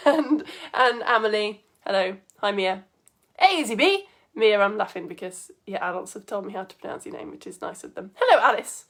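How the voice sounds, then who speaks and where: Young woman, science teacher, chatty and upbeat, slightly high voice. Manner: chatty, bubbly, greets viewers by name. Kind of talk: live online lesson for children.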